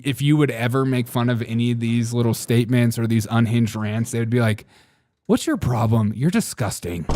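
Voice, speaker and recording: A man's voice: medium pitch, noisy background. A man hosting a live political comedy show, reacting to clips with sarcastic, mocking commentary and frequent laughter.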